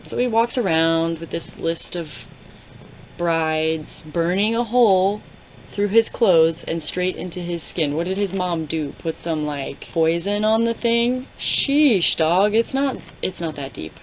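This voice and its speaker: A young woman talks through a book at home in a low voice, wry and animated, and drops into mocking voices for the characters. The sound is dull and lo-fi, with a faint hiss behind her. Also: slow. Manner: sarcastic, animated reactions with mocking put-on voices. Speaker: book reviewer. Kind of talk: casual readalong commentary.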